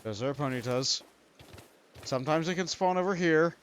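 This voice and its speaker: A man's voice: on the high side, moderate pace, a little hiss or hum. A young man streaming a video game, rambling and poking fun at himself while he talks to the creatures on screen. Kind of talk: let's play commentary.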